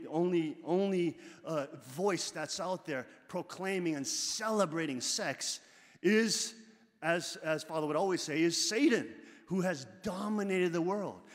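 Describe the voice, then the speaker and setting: A man's voice: a little high, long reverb tail. A man giving a sermon-style talk, repeating phrases and building to emphatic bursts. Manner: repetitive, rising to emphatic bursts. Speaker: religious teacher.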